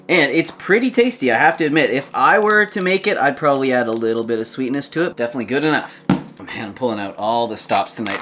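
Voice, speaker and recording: A man hosting a casual food vlog, chatting to camera and laughing easily as he cooks and tastes. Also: mid-range voice. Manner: chatty, relaxed, laughs often. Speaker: vlog host. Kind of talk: casual chat to camera while cooking and tasting.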